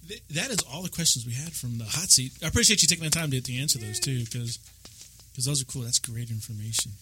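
A man's voice: mid-range voice, quick pace, pushed and bright, rough recording. A man hosting a podcast, chatting casually with guests and laughing often. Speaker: podcast host. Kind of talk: casual chat.

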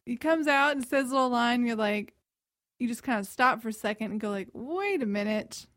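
A woman with a somewhat high voice chats on a podcast in a wry, relaxed way, tossing in questions and asides. Her voice is close and dry, with no room echo. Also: brisk. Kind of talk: casual chat.

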